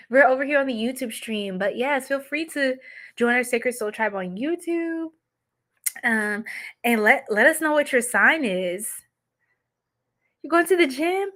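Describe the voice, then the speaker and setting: Psychic stream host: a woman from New York, slow and playful, laughing often. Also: on the high side, expressive, pushed and bright. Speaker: psychic reader, livestream host. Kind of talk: casual livestream chat.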